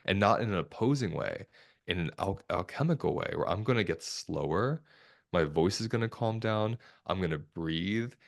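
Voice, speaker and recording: A man, a somatic therapist, talking as a guest in a podcast interview in a calm, reflective, measured way. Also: low-pitched. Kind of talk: conversational interview talk.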